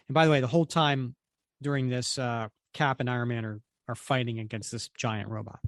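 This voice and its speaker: A man's voice: mid-range voice, steady tone, fairly quick, dry recording, clean studio sound. A man co-hosting a podcast, chatting casually about comics and reading panels aloud. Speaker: podcast co-host. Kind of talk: casual comic book discussion.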